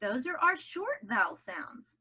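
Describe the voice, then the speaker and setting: Woman ESL teacher, bright fairly high voice, encouraging, drawn-out vowels for young learners. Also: very animated, low-quality recording. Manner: warm encouraging teacher, exaggerated stressed vowels. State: out of breath after jumping jacks. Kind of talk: recorded classroom lesson for children.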